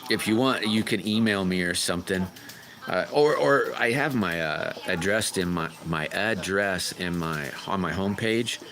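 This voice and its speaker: A man's voice: sits low, moderate pace, crowd noise. A man casually chatting with viewers on his livestream, rambling and greeting people by name. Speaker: livestream host.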